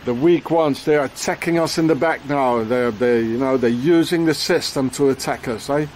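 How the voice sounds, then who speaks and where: Standing in the rain, this man goes on a furious, meandering tirade full of swearing, padding each gap with "eh?" and "you know." His pitch is medium and his tone darkish, over slight background noise.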